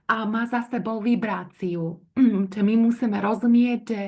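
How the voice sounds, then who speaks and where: A woman's voice: fairly high pitch, steady tone, normal speed, dark tone. A woman interpreting a talk, hesitant and often searching for words. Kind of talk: consecutive interpreting.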